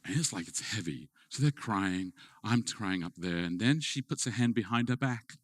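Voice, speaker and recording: A middle-aged man preaching, telling a family story, moving between playful, animated moments and quiet, hushed ones. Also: lowish voice, moderate pace. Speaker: pastor. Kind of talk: sermon with personal story. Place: event hall with an audience.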